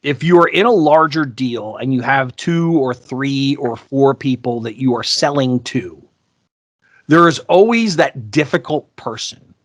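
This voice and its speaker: A man co-hosting a podcast, telling sales stories in a casual, animated way and acting out the people he quotes. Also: mid-range voice, a little slow, no room sound, clean studio sound. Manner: animated, acts out quoted voices. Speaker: podcast co-host. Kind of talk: casual storytelling chat.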